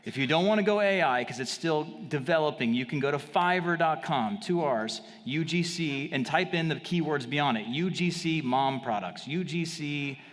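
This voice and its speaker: On stage at a live event, a man gives a fast, confident, salesy marketing pitch. His voice is expressive and a bit bright, echoing in a large hall.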